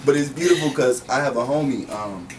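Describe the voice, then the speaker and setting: A man performing a spoken word poem with rhythmic declamation, then chatting softly in an interview. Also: a little fast, a crowd in the background. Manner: rhythmic declamation, drops low and soft in chat. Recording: distant mic with faint background noise.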